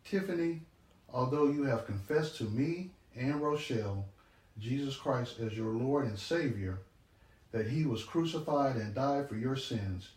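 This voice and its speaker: An actor playing a pious husband and lay minister in an audio drama, speaking in a measured, formal preacherly way. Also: male voice, mid-range voice, expressive, darkish tone, roomy sound, far from the mic, natural voice, rough recording. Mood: earnest.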